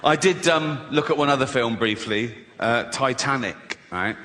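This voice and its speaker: A man's voice: medium pitch, a little slow, bright, forceful tone, long reverb tail, a little hiss or hum. A man, a comedian, telling comic stories, swearing freely and laughing at his own jokes. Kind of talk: stand-up style comic storytelling.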